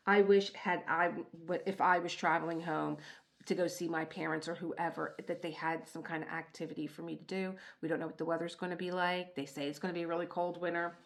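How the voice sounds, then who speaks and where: Chatty woman with a gravelly edge. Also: lowish voice, little pitch movement, a little fast. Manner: chatty, laughs at herself, talks straight to the viewer. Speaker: diamond painting channel host. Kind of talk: casual unboxing demonstration.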